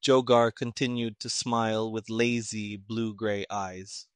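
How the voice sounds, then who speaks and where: A man narrating a story in a measured, even storytelling manner. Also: on the low side, smooth, no echo, clean studio sound. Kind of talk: audiobook narration.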